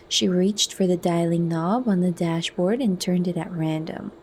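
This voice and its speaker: A woman reading a novel aloud as an ASMR audiobook, in a soft, measured manner. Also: on the low side, steady tone, a little hiss or hum. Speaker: reader.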